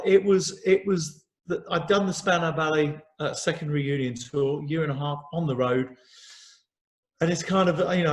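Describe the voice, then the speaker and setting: Singer guest, middle-aged man, chatty and self-mocking, voice sits a touch high. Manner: chatty, self-mocking, repeats words, laughs easily. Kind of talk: casual chat.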